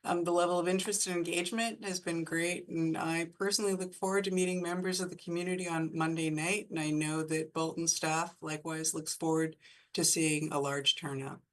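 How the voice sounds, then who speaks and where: A woman with a notably low voice, delivering an official report at a town board meeting. Her delivery is formal and prepared, read with care. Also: level tone, a little fast, poor audio. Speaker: town administrator.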